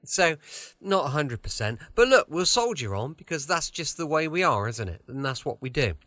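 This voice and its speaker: Chatty bright-voiced man with a slight lisp. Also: fairly high pitch, very animated, normal speed, no echo. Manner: chatty, friendly and rambling. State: slight lisp from a sore tongue. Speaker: podcast host. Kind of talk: casual podcast introduction. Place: home.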